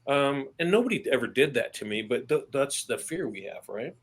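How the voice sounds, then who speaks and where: A man who is an army veteran, talking candidly as a podcast guest, plain-spoken and earnest, with casual swearing and halting restarts when he stresses a point. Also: medium pitch, expressive, husky. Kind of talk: candid podcast interview conversation.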